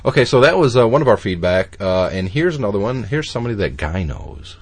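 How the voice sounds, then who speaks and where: Low husky guy hosting a podcast, laid back, chatty. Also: big pitch swings, fast. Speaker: podcast host. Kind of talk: casual chat.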